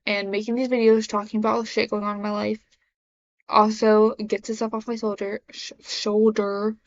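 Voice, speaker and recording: A woman's voice: medium pitch, gravelly. A young woman talking casually to camera in a confessional vlog, rambling with many fillers and restarts. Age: young adult. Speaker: vlogger. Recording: dull lo-fi sound.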